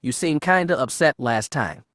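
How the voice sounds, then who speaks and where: A man's voice: mid-range voice, lively intonation, moderate pace, a bit bright, no room sound, clean studio sound, natural voice. A man voicing a sleazy male traffic controller who talks in a thick oozing drawl, breathing heavily. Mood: leering.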